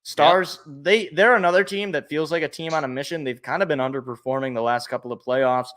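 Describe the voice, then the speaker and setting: A man hosting a casual sports podcast, talking in an animated, jokey way and thinking aloud. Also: a little high, a little fast. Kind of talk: casual chat.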